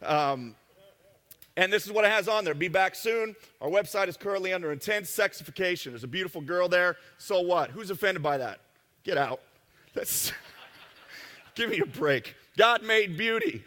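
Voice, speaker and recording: Male seminar speaker, brash and joking, bright tone, echoey hall. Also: high voice, animated. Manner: brash, joking, rapid asides to the audience. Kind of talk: live seminar talk. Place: event room with an audience.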